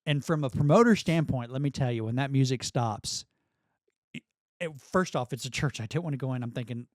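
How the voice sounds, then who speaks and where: A middle-aged man telling a story as a guest, in a dry studio, animated and laughing often as he acts out quotes. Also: medium pitch, a little fast, no echo. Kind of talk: storytelling in a podcast conversation.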